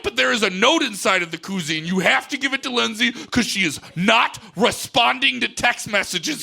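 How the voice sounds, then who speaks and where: A man telling a comic story live on stage to an audience, sliding from hushed deadpan asides into shouted, profane rants. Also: very high-pitched, normal speed, gravelly, hardly any pauses. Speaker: comedian doing stand-up bit. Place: live event venue with audience.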